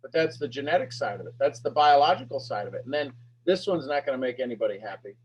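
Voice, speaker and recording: A man coaching a sales master class, firing emphatic, repetitive questions at his audience and pushing his voice up toward a shout. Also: mid-range voice, lively intonation, fast, highs cut off, slight background noise. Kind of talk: animated teaching talk to an online audience.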